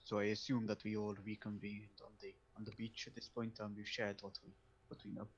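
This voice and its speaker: A man's voice: fairly low pitch, monotone, brisk, highs cut off, slight background noise. A man playing a tabletop game over a call, joking wryly in and out of character. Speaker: player.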